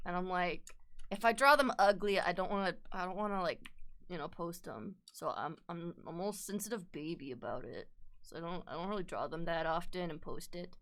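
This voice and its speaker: A woman's voice: mid-range voice, a bit bright, smooth. A woman streamer chatting casually and rambling while she draws, self-deprecating and swearing freely. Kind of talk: casual live-stream chat while drawing.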